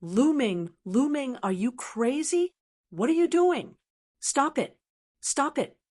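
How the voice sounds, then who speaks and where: A woman voicing a frightened young male sect bully who shouts shrill, panicked warnings. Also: sing-song, takes it slowly, full character voice.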